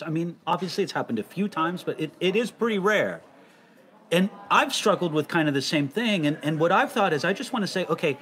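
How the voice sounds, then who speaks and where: A man's voice: fairly high pitch, fairly bright tone. A man hosting a casual faith conversation, reading listener questions aloud in a teasing, inquisitive way.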